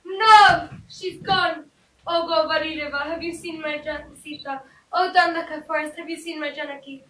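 A woman's voice: sits high, level tone, a little fast, fairly bright tone, a little hiss or hum. A woman playing a noble male prince who scolds his brother in a live stage play, heard far off in an echoey hall. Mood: grieving. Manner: stern, commanding. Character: noble male prince, stern then grief-stricken.

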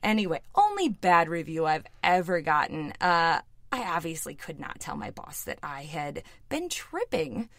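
A woman tells bar stories as a podcast guest, her pitch swinging widely as she talks. She laughs often and speaks animatedly. The sound is dry and close-miked. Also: sing-song, normal speed, few pauses, no room sound. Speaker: bartender guest. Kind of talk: casual podcast interview.

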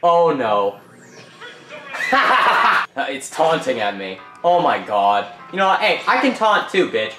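Young man, gameplay commentary, lively jumpy pitch, profane and jokey, roomy echo, game music behind. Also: normal speed, hardly any pauses. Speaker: gaming YouTuber.

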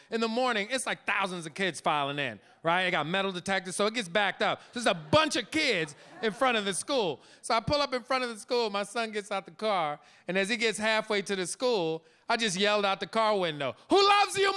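Brief: male comedian with a high, bright voice, animated stand-up storytelling. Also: clear, resonant tone. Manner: animated storytelling, lively acted quotes. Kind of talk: stand-up routine. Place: comedy club stage.

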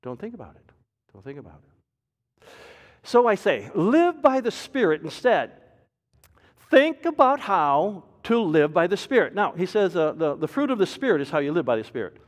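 Guy pastor preaching, kinda high voice, goes big then drops real quiet, church reverb all around. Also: sing-song, moderate pace. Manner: dynamic delivery, swinging between loud emphasis and soft low asides. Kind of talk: sermon. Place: church sanctuary.

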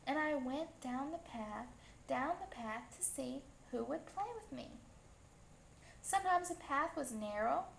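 A woman reading a picture book aloud to children in a slow, gentle storytelling manner. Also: a little high, creaky, slight background noise. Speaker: storybook reader. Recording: echoey room, faint ambience.

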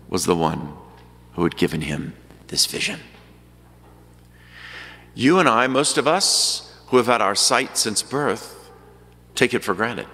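Guy preaching a homily, acts out the voices of the crowds, bright voice, echoey church hall. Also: mid-range voice. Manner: storytelling homily, acting out voices of crowds and Jesus. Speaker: pastor. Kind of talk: sermon. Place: large church.

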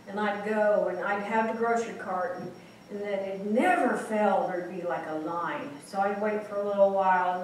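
A woman's voice: medium pitch, slight background noise. Woman preaching in a very echoey room. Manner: candid and personal, many restarts. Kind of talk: sermon. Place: small church hall. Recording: very echoey church room from far off.

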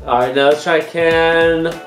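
A man's voice: on the high side, fairly even intonation, a little slow. A man hosting a comedy video, giggling as he reads search suggestions aloud in casual banter. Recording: echoey room with faint music.

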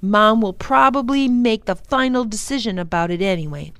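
A woman's voice: medium pitch, normal speed, a bit bright, no echo, voice pushed up, lightly acted. A woman doing a sensible thirteen-year-old boy. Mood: earnest.

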